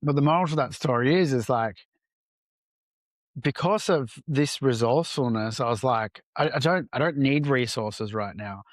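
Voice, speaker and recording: A man's voice: medium pitch, normal speed, dry recording. A man talking as a podcast guest, telling a personal story candidly and casually, with some swearing and acted-out bits of dialogue. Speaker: entrepreneur guest.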